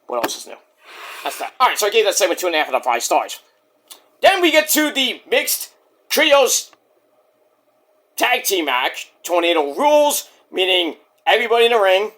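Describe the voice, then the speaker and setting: A man's voice: high voice, big pitch swings, fast, a bit bright. A man reviewing a wrestling show in a casual, rambling, jokey way, interrupting himself with asides.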